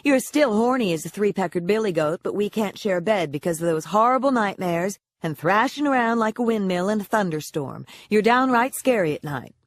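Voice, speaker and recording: A woman's voice: medium pitch, lively intonation, fairly quick, few pauses, no echo, voice pushed up, close to an everyday voice. A woman voicing a spirited, bossy farm wife who talks bluntly and teasingly, in a storybook reading. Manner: brash, blunt, giggly.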